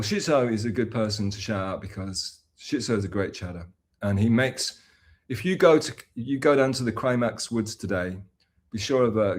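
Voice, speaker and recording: A male streamer talking to his chat in a loose, rambling way. He restarts sentences often and pokes fun at himself. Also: mid-range voice. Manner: rambling and self-mocking, with many restarts and fillers. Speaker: livestreamer. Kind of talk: casual livestream chat, reading and answering chat.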